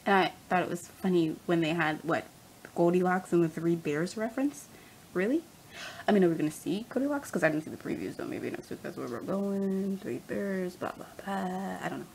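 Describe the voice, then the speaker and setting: A woman's voice: fairly low pitch, brisk, vocal fry, slight background noise, poor audio. Rambling young woman ranting casually. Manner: animated, rambling, laughs often. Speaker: fan vlogger. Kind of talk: casual rant.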